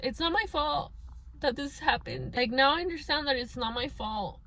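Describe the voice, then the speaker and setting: A woman's voice: high-pitched, moderate pace, sharp tone. A young woman speaks candidly into the camera, looking back on a painful time in her life. Her talk is casual, full of fillers, and she switches into Spanish words mid-sentence. A faint noise sits under the recording. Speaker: vlogger. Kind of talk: personal storytelling.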